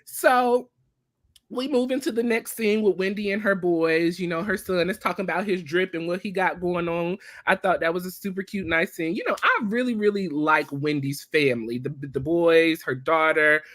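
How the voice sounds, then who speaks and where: A woman co-hosting a casual TV recap chat, retelling scenes in a chatty, animated way with lots of filler words. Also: fairly low pitch, moderate pace, no echo. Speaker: podcast co-host.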